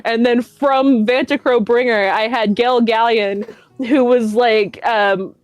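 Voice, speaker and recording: A woman's voice: on the high side, steady tone, slow, clean tone, dry recording, highs cut off. A woman guest on a chat stream, telling stories in a rambling, self-mocking way with a lot of swearing. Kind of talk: casual chat.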